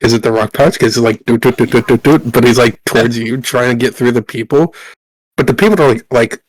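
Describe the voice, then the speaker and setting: A man narrating as game master in a casual, jokey way, tossing in quick voices for the crowd. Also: medium pitch, fairly even intonation, no room sound, poor audio.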